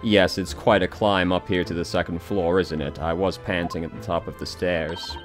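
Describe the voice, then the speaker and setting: A man's voice: sits low, fairly even intonation, moderate pace, music in the background, lightly acted. A man voicing a blustering older retired soldier, hearty and pompous, full of old-fashioned phrases.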